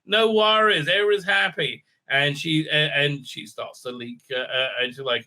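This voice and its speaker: Recapping a TV episode at a moderate pace, this middle-aged reviewer rambles casually, with plenty of fillers and restarts, sinking low before leaping up in excitement.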